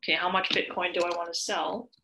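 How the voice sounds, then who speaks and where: A woman's voice: fairly low pitch, little pitch movement, fast talker, noisy background. A woman hosting a screen-share tutorial, chatty and explaining step by step with worked examples. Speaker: tutorial host.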